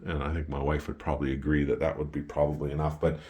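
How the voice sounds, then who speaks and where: A man's voice: very deep voice, fast talker. A middle-aged man from Canada with a Canadian accent, telling rambling, profane stories in his home wine cellar. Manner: profane, chatty, animated. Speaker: vlogger. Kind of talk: rambling storytelling.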